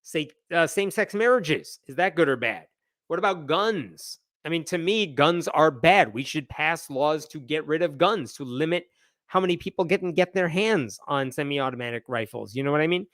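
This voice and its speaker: A man's voice: a little high, expressive, moderate pace, a bit bright, no echo, clean studio sound. A man hosting a live news roundup, giving wry, exasperated commentary and reading passages aloud.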